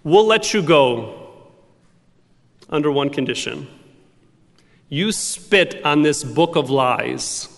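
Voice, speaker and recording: A man's voice: fairly high pitch, lively intonation, slow, vocal fry, pauses often, in a large hall, exaggerated voice. A man voicing a stern, menacing army officer who gives curt commands, as a preacher retells a story.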